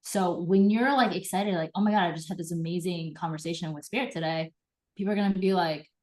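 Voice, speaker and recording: A woman hosting a live card reading, enthusiastic and animated, acting out little quoted voices as she coaches. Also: lowish voice, quick pace. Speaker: host and intuitive reader.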